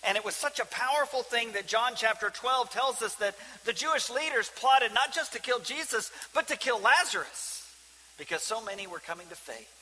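A man preaching a sermon as pastor, swinging from loud emphasis to hushed, near-whispered lines. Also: high-pitched. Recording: reverberant hall with faint hiss.

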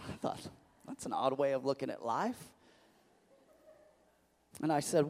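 A man preaching a sermon as pastor, telling stories in an animated, restarting way. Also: fairly high pitch, a little fast. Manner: animated storytelling with many restarts. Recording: long church hall reverb.

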